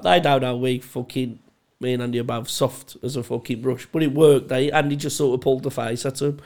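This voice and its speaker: Man, gravelly and mid-pitched, for sweary laughing anecdotes on a comedy podcast. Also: steady tone, fairly quick, few pauses, darkish tone. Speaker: podcast co-host. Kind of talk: casual storytelling chat.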